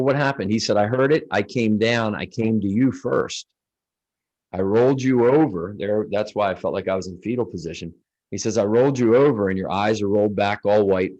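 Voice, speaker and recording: A man's voice: on the low side, a little mellow, poor audio. A middle-aged man, a guest in an interview, telling a personal story in earnest and acting out the dialogue.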